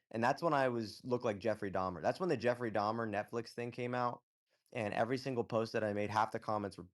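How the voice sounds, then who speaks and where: A man with a fairly low voice hosts a loose live audio chat. He coaches his listeners bluntly, swears freely, and keeps checking in with "okay?". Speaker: host.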